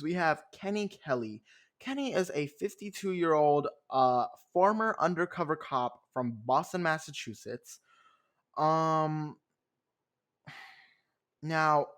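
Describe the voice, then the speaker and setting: A man's voice: on the high side, a little slow, fairly bright tone. A young man hosting a podcast who recaps a reality show alone in a chatty, sarcastic way, full of fillers. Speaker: podcast host. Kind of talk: casual solo recap.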